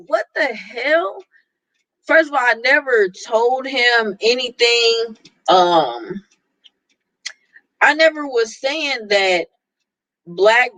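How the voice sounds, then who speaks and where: A woman's voice: a little high, a bit bright, dry recording, poor audio. A woman vlogger talking in a casual opinion rant, blunt and exasperated, brushing off what others say.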